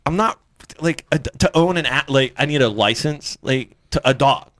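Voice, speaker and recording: A man with a higher-than-usual voice telling a rambling story in casual chat, animated and profane. He keeps leaping up into shrill quoted voices. The mic is close and the sound is dry. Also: moderate pace, no room sound.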